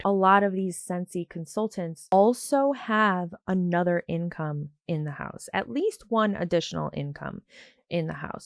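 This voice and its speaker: A woman's voice: fairly low pitch, no echo. A woman hosting a reaction video, giving blunt, sarcastic commentary and swearing when annoyed. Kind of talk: casual commentary.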